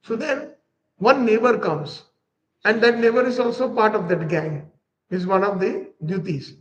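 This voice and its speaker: A man's voice: sits high, measured pace, highs cut off. A man giving a devotional lecture, animatedly telling a story and acting out its characters. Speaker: spiritual teacher.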